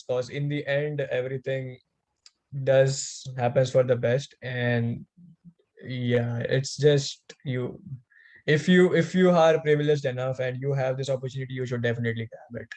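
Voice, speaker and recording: A man's voice: mid-range voice, fairly even intonation, moderate pace, a little mellow. A young man from India with an Indian accent, a podcast guest giving earnest, encouraging advice in casual chat.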